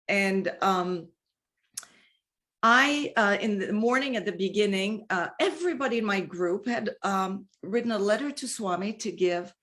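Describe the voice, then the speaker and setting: A woman from the United States tells a personal spiritual story with earnest feeling, her voice sitting at an ordinary, mid-range pitch. She often restarts her sentences and sinks into soft, hushed passages before rising again with emotion. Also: expressive, unhurried. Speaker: devotee sharing a personal testimony. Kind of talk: heartfelt personal testimony talk.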